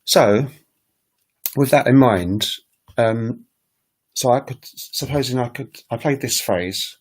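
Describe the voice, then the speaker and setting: A man's voice: mid-range voice, slow pace, husky. A man teaching on a casual livestream, talking in a rambling, hesitant way with many fillers. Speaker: language teacher and recorder player. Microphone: webcam livestream setup.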